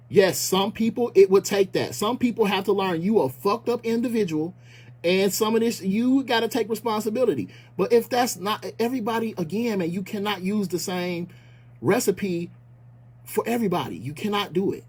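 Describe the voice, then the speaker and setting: A man's voice: sits high, moderate pace, slightly rough. A man from Milwaukee, a community activist, talking bluntly and passionately with a lot of profanity. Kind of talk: impassioned casual talk.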